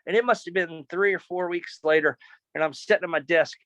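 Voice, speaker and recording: A man telling a personal story in an animated, excitable way, often repeating words and calling people "man". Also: sits high, fairly quick, dry recording. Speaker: storyteller giving a personal testimony.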